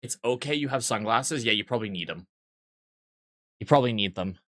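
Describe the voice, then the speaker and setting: Bright-voiced young man streaming casually. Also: mid-range voice, expressive, a little fast, no echo. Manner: rambling, crude joking banter reading chat. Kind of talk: casual live-stream chat with viewers.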